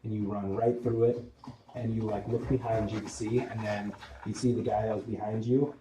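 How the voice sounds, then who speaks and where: A man's voice: on the low side, level tone, moderate pace, roomy sound, recorded from a distance, rough recording. A man running a tabletop game as game master, narrating a scene casually with lots of likes and ums.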